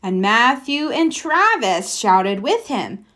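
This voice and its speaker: A woman reading a children's picture book aloud. She takes her time and keeps her voice bright and lively, rising and falling a lot. Her voice sits fairly high. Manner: expressive, unhurried. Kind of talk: read-aloud storytelling.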